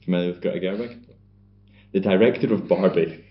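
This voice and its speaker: A deep-voiced Scottish man co-hosts a podcast, chatting casually and a little fast. He banters, swears, and acts out scenes in put-on voices, and the recording has a dull, lo-fi sound.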